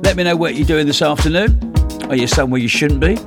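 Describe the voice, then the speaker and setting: A male radio DJ presenting his afternoon show in a playful, excitable, teasing way. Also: on the high side, fast talker, over loud music.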